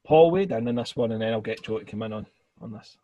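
A man's voice: on the low side, fast, dark tone, no echo. A man hosting a casual music podcast, a bit tipsy, rambling with fillers and swearing. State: a bit tipsy after two beers. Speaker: podcast host.

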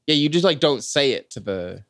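A woman's voice: extremely low pitch, animated, normal speed, fairly bright tone, no echo, studio quality. A woman co-hosting a comedy podcast in casual chat, asking jokey questions and swearing casually. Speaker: podcast co-host.

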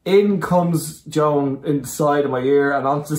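Male comic, lively swearing storyteller, slightly high voice, echoey room. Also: moderate pace, hardly any pauses. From Ireland. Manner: animated storyteller, swears freely. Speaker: comedian guest. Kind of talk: casual chat, anecdote telling.

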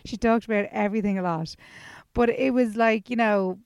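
A woman's voice: medium pitch, fairly even intonation, normal speed, darkish tone, clear, resonant tone, dry recording. Young woman co-host, gossipy and wry, dry close mic. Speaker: podcast co-host. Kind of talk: casual chat.

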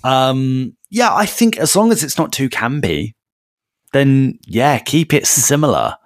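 A man's voice: mid-range voice, big pitch swings, measured pace, no echo. A man co-hosting a podcast in casual chat, rambling and enthusiastic on a close mic. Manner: rambling, enthusiastic, with frequent restarts. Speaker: podcast co-host.

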